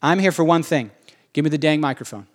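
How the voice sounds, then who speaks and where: A preacher voicing a fervent apostle, speaking in driven, repeated declarations. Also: male voice, a little high, quick pace, close to an everyday voice. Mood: zealous. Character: fervent apostle, man, single-minded preacher. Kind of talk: sermon.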